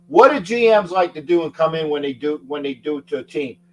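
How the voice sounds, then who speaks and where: A male sports-talk host with a fairly high voice, talking loosely and emphatically. He stumbles over his words and repeats himself before he lands a point. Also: lively intonation, fairly quick, low-quality recording. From Florida. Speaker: show host. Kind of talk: casual sports talk show.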